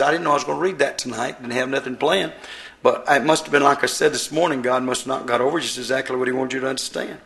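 A middle-aged man preaching a sermon in a church, swinging from loud emphatic declarations to quiet asides. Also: mid-range voice, fast, creaky. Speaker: pastor.

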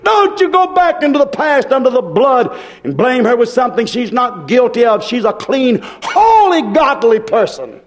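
A preacher man with a high, ringing voice delivers a fiery sermon. He talks in a folksy, impassioned way, climbing to hollers and then dropping low and quiet. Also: sing-song, normal speed, hardly any pauses.

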